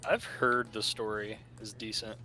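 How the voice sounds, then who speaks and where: A man's voice: lowish voice, flat delivery, measured pace, bright, forceful tone, faint music behind. A man joining a casual gaming stream and trading laid-back jokes with the host.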